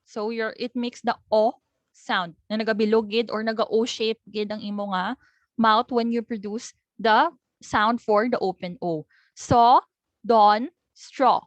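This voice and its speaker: A woman with a Philippine accent giving a recorded linguistics lecture, patiently repeating example words slowly and clearly. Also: on the high side, steady tone, no room sound, highs cut off. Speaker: linguistics teacher.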